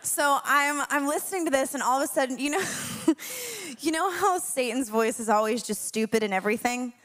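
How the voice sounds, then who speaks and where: A young woman speaks with a fairly high voice, moving between a slow, hushed prayer and a chatty, candid story to a church crowd. She laughs often and talks openly, as if confiding in friends. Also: animated. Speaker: worship leader speaking to a congregation. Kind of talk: spoken prayer and personal story.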